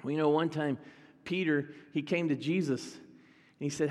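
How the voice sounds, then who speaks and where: A man's voice: fairly high pitch, moderate pace, in a large hall. A male pastor preaching a sermon in a conversational way, talking directly to his congregation.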